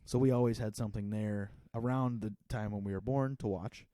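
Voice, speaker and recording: A man's voice: on the low side, steady tone, a little fast, warm tone, no echo. A man in his twenties co-hosting a podcast in a casual, rambling chat full of filler words. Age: 20s. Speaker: podcast co-host.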